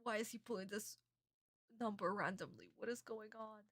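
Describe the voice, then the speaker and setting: A woman's voice: medium pitch, moderate pace, a bit bright, no room sound, voice pushed up. A woman voicing a group of confused teenage friends, sounding incredulous. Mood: baffled.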